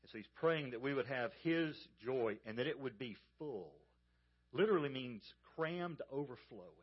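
A pastor from the American South with a Southern accent, preaching a sermon in a folksy storytelling manner and speaking straight to the congregation. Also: male voice, medium pitch, expressive, moderate pace, husky, lo-fi sound. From Georgia, US South.

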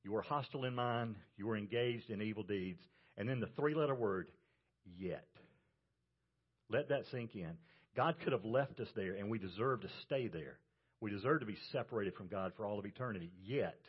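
A male pastor with a Southern US accent preaching a sermon, earnest, rising to emphasis and dropping soft. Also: lowish voice, breathy edge. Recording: dull lo-fi sermon recording.

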